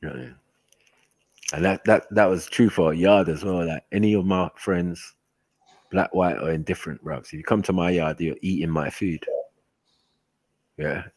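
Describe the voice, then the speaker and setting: A man telling stories in a casual chat, animated and slangy, laughing often. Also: sits low, normal speed, long pauses, dry recording. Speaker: host.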